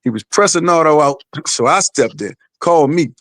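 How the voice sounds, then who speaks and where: A man's voice: a little high, lively intonation, moderate pace, fairly bright tone, no room sound. A man, the father of a boxer, telling a story in blunt, profane casual podcast talk.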